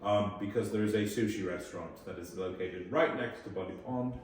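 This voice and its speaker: A man leading a guided tour at a historic fort, lively and joking, often quizzing his group. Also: on the low side, a little fast. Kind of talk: guided tour talk to visitors. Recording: echoey space, voice from a distance, faint noise.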